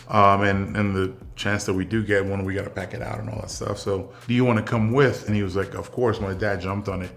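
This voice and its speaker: A young man from South Texas, an interview guest and military veteran, telling casual stories in a relaxed, rambling way with many fillers. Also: on the low side.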